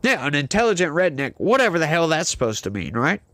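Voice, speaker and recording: A man's voice: fairly high pitch, sing-song, quick pace, fairly bright tone, no echo. A man with a southern Louisiana accent, reading the news and giving heated opinion commentary, hyper and ranting with lots of rhetorical questions. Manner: hyper and scattered. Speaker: political commentary host.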